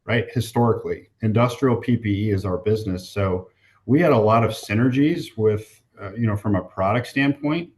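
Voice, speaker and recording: A man who is a company president, answering interview questions in a measured way and repeating words at the start of phrases. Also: on the low side, a little mellow.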